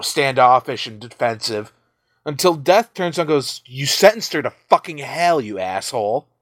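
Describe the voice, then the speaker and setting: A man's voice: medium pitch, no room sound, studio quality. A man hosting a podcast, casually retelling a story with plenty of swearing and laughter. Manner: profane, animated storytelling with laughs. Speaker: podcast host.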